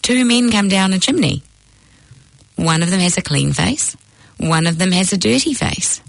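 A woman's voice: fairly low pitch, lively intonation, moderate pace, vocal fry, no echo, poor audio. A woman voicing a teasing old-world rabbi. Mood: instructive. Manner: didactic, posing riddles. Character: patient, teasing male rabbi teacher.

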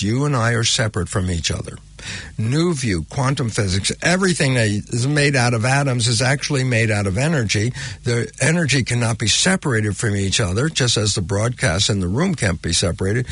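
A man as an interview guest, explaining in a lively conversational way and acting out his own past conversations. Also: mid-range voice, breathy edge, no room sound. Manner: animated, acts out his own remembered conversations.

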